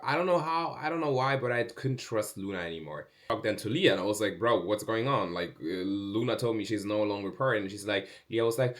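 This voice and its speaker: A young man telling a casual storytime vlog, chatty with fillers, acting out other people's lines with big jumps in pitch. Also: normal speed. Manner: animated, acts out quoted speech with big pitch jumps; chatty, many fillers like "like" and "bro". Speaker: vlogger.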